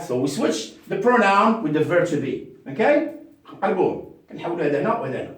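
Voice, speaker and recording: A man teaching a beginner language lesson, slowly repeating example sentences again and again. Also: on the high side, sing-song. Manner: slow repetitive drilling of example sentences. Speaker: English teacher. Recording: very echoey room, mic far off.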